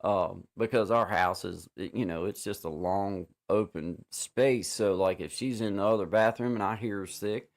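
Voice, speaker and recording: A man hosting a casual livestream chat over a video call, rambling with many restarts and fillers and giving warm shout-outs to viewers. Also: fairly low pitch, normal speed, hardly any pauses. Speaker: livestream host.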